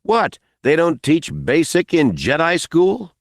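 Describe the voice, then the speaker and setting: Guy putting on a snarky alien sidekick, high and fast, dry close sound. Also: very animated, creaky, dry recording, full character voice. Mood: mocking. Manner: sarcastic, quick, mocking. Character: wisecracking male alien rebel guide, cocky.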